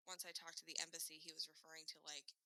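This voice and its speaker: A woman with a Minnesota accent, co-hosting a podcast and telling animated, foul-mouthed travel stories in casual chat. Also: deep voice, fast, dry recording. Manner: animated storyteller, acts out quoted voices, swears freely. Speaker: podcast co-host.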